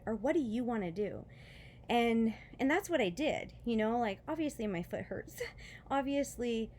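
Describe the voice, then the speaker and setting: A woman telling a personal faith story in a casual vlog, emotional and close to tears, rambling with fillers and soft laughs. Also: medium pitch, a little hiss or hum. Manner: emotional, near tears, laughing softly between words; rambling with many fillers and restarts. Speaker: vlogger.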